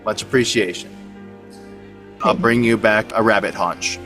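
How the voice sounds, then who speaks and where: A man's voice: on the low side, fairly even intonation, unhurried, a bit bright, soft background music. Easygoing man at a game table. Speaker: player. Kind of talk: tabletop role-play chat.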